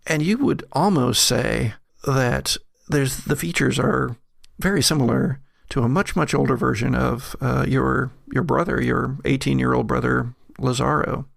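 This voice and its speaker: Slow, gravelly male game master. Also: medium pitch, dry recording, clean studio sound. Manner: measured, halting, vivid description. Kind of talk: narrating a tabletop horror game.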